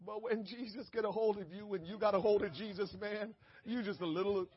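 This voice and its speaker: A man preaching a conversational sermon, dropping to a hush and then rising to shouts, acting out little conversations and laughing at himself. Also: sits high, a little fast, hardly any pauses, slightly rough, muffled recording. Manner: conversational preaching with big swings from hushed to shouting. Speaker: pastor.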